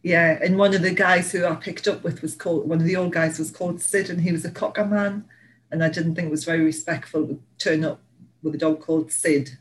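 This podcast co-host from Northeast England speaks with a fairly low, steady voice and a fairly quick delivery. She chats casually, wandering through anecdotes with plenty of fillers and laughs, and the audio quality is poor.

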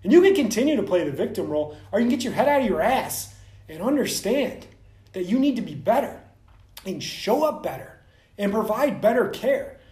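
A man hosting a vlog, ranting bluntly and profanely straight to the camera as a soft tissue clinician. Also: high voice, very animated, brisk, roomy sound.

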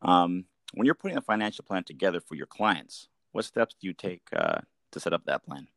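A man's voice: low-pitched, sing-song, brisk, vocal fry, a bit bright, no room sound, studio quality. A man who co-hosts the podcast and works as an advisor, chatting casually with homely comparisons as he asks questions. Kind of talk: casual interview talk.

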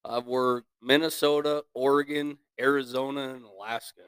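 A man in his thirties, an equipment operator appearing as a podcast guest, swaps war stories in casual chat, swearing freely, laughing, and acting out what others said. His medium-pitched voice is smooth and a bit bright, steady in tone, at a moderate pace. The recording is dry.

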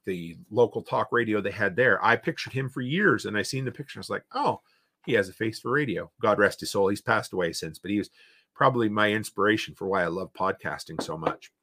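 Eastern Canadian guy, podcast host, mid-pitched, loose and rambling, reads chat aloud. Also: fairly bright tone, slightly rough. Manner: rambling, reads viewer comments aloud and reacts. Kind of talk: casual livestream chat.

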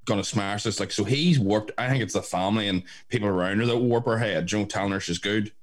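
A man talks casually, blunt and jokey with constant swearing. His voice sits very low. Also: quick pace. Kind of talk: casual chat.

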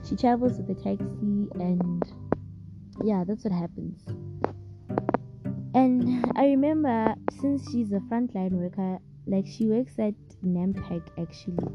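A woman's voice: medium pitch, lo-fi sound. A young woman, talking through a personal podcast in a heartfelt, reflective and openly emotional way. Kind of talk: casual personal podcast monologue. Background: guitar music.

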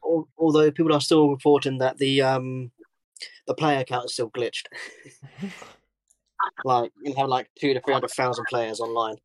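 A man's voice: mid-range voice, flat delivery, normal speed, long pauses, no echo. A man in a casual gaming chat on a podcast, laid-back and hesitant, often searching for words. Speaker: podcast co-host.

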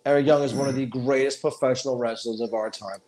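A man's voice: mid-range voice, fairly even intonation, fast, darkish tone. A middle-aged man in casual chat as a podcast co-host, profane and emphatic, stating strong opinions.

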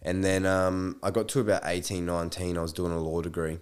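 Low-voiced Australian guy telling stories. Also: brisk, clean tone. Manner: animated storyteller, swears freely. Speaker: podcast guest. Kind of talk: casual chat.

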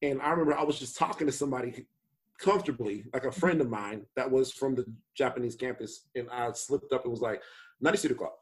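A man in a casual chat with friends, telling a personal anecdote in a lively, easygoing way. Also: mid-range voice, fast talker. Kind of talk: casual storytelling.

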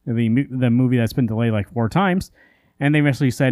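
Clean studio audio with no room sound captures a fast-talking man with a mid-range, expressive, slightly mellow voice. Co-hosting a comic book podcast, he rambles through casual chat in an exasperated rant, full of fillers and restarts.

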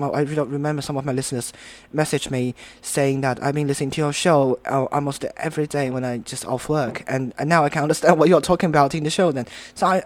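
A man hosting a podcast interview, speaking hesitantly with frequent restarts. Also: mid-range voice. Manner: hesitant, with many fillers and restarts. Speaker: podcast host.

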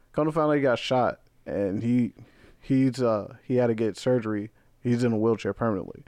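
A young man tells a wild story on a podcast. His voice sits in a middle pitch, and the close, dry mic gives it no room sound. He talks loosely and swears a lot, jumping into other people's voices as he goes. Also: fairly quick, no echo. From Brooklyn, New York. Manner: animated, profane, acts out quoted voices. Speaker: podcast guest. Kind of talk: casual storytelling chat.

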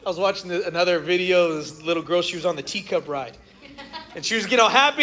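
A man pastor giving an emotional sermon, swinging from loud cries to soft, low passages, in a church. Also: quick pace, crowd noise. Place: church sanctuary. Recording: roomy church hall.

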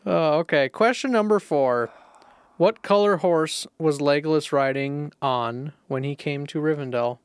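A man's voice: on the high side, measured pace, clear, resonant tone, no room sound. A young man co-hosting a podcast, reading trivia questions in a dry, teasing manner. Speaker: podcast co-host, quizmaster. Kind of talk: casual podcast banter.

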